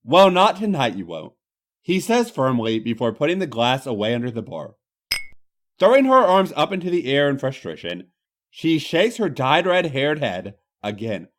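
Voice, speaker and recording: A man's voice: fairly high pitch, big pitch swings, normal speed. A man hosting a comedy show, reading a story aloud in a theatrical, mock-dramatic style. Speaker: host reading fan fiction aloud.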